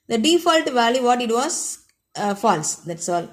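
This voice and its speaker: A woman gives a computer science lesson in a slightly high voice. She walks through the code step by step and repeats key points. She keeps closing each point with the same short phrase. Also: big pitch swings, unhurried. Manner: repetitive, explanatory, keeps ending points with a set phrase. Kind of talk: classroom coding lecture.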